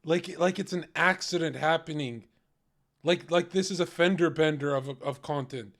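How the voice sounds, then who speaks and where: A young man ranting through a livestream reaction. His voice sits a little high for a man. He talks in a crude, mocking way and swears constantly. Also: normal speed, fairly bright tone.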